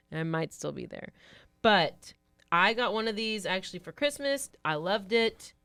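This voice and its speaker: A woman's voice: medium pitch, animated, unhurried, a bit bright, smooth, no room sound, faint music behind. A woman co-hosting a true crime podcast, rambling casually with lots of fillers. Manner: chatty, rambling, trails off with fillers. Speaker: podcast co-host.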